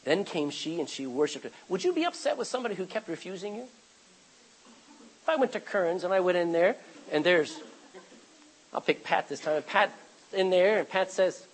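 A man preaching a sermon in a church, animated, acting out the voices of the people in his stories. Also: sits high, moderate pace, pauses often, husky, low-quality recording.

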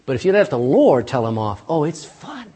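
A man's voice: fairly high pitch, sing-song, normal speed, dark tone, husky. A pastor preaching a sermon in church, folksy and emphatic, talking straight to his congregation.

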